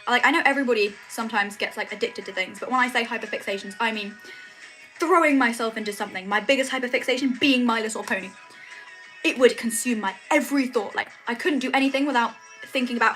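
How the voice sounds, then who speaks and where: A young woman streams from her room at home, chatting casually and rambling with frequent "like" and "um." Her voice is on the high side and a bit bright, fairly quick, with soft music playing in the background.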